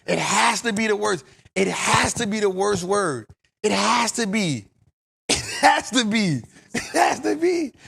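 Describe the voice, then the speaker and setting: A man with a New Orleans accent hosting a casual podcast chat, animated and laughing often, repeating himself. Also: high-pitched, unhurried, gravelly, breathy edge. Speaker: podcast host.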